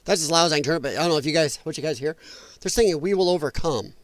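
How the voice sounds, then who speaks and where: A man's voice: on the high side, lively intonation, quick pace, no echo. A man from the United States hosting a livestream, reacting to clips with blunt, profane, sarcastic commentary. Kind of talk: casual ranting commentary.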